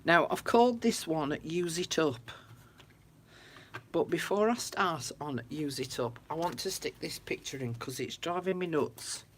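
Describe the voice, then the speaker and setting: A woman's voice: low voice, expressive, a little slow, a little hiss or hum. A woman chatting casually to viewers on a craft livestream from her room at home. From United Kingdom. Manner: chatty, talks to viewers, frequent laughs.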